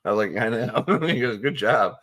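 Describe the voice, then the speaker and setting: A man hosting a sports radio show, chatting casually and telling stories in a rambling, excitable way with lots of fillers. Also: mid-range voice, a little fast.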